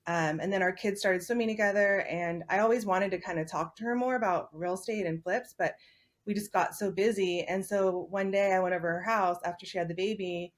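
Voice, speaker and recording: A woman's voice: medium pitch, fairly even intonation, a little fast. A woman who is a hotel owner, a guest in an interview, telling a story animatedly and acting out quoted dialogue.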